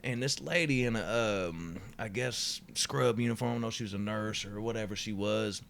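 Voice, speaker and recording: A man's voice: on the low side, moderate pace, vocal fry, a bit bright, slight background noise. A man co-hosting a podcast, telling a story in a laid-back, profane way and saying "dude" and "bro" often. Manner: laid-back, swears freely, says "dude" and "bro" a lot. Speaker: podcast co-host. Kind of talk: casual storytelling chat.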